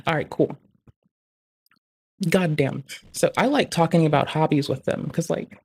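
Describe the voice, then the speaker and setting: A man's voice: a little high, gravelly. Profane rambling young man streamer. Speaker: live streamer. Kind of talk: casual stream chat.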